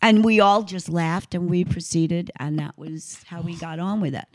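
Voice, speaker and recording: A woman singer being interviewed, telling lively anecdotes with many halting restarts. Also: fairly low pitch, no echo. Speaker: guest singer. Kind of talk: casual interview storytelling.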